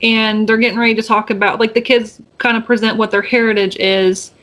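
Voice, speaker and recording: Chatty rambling woman with a slightly high voice. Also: level tone, a little fast, fairly bright tone. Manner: chatty, rambling, many fillers and restarts; acts out quoted lines with raised pitch. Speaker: podcast co-host. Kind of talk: casual movie recap chat.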